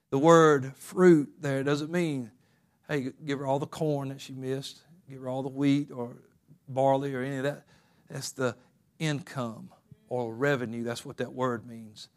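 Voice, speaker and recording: A man preaching a sermon, moving between quiet, close talk and loud, fervent exhortation. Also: mid-range voice, steady tone, measured pace, pauses often.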